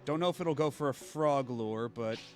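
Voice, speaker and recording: A man's voice: medium pitch, faint music behind. Chatty man streaming a game. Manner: chatty, thinking aloud, quick asides. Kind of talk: casual gameplay commentary.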